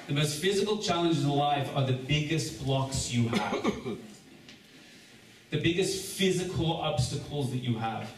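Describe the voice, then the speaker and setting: A man, a rabbi leading a seder, teaching a live gathering in a joking, energetic way and addressing the crowd directly. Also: a little high. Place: large echoey room with a gathering. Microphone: distant room recording. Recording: echoey room recording from far off with background noise.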